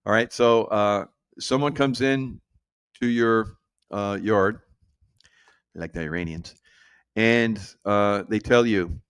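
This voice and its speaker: A man's voice: fairly low pitch, takes it slowly, long pauses, a bit bright, smooth, no echo, clean studio sound. A man vlogging a rambling political monologue, sarcastic and profane, chuckling as he goes.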